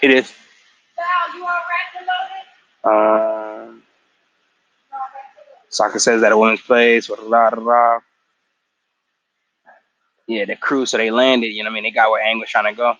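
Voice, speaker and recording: A man's voice: fairly low pitch, flat delivery, measured pace, pauses often, fairly bright tone, no echo, dull audio. Slangy young man recapping a show. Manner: slangy, profane, acts out quotes. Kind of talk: casual episode recap.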